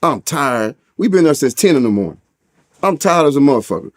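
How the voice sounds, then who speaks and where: A man's voice: medium pitch, very animated, brisk. St. Louis man telling a street story. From St. Louis, USA. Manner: street slang and heavy cursing, acts out quotes in a raised voice. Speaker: interview guest. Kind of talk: storytelling in an interview.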